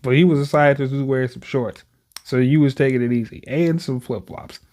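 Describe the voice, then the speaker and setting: A man hosting a manga reaction, chatting casually between read-aloud lines, with animated, slangy asides. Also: mid-range voice, normal speed.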